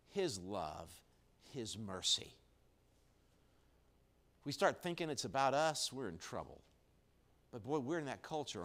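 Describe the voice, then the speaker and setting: A male pastor delivering a live sermon in a church, dropping low and quiet, then building to loud emphatic peaks. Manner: preaching with wide swings in loudness, low and quiet then rising strongly. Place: church sanctuary, recorded live.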